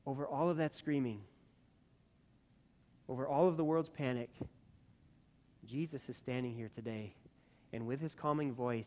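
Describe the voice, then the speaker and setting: A man preaching a sermon as a pastor, earnest, climbing to emphatic peaks and then dropping soft. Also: mid-range voice, normal speed, long pauses, slight background noise.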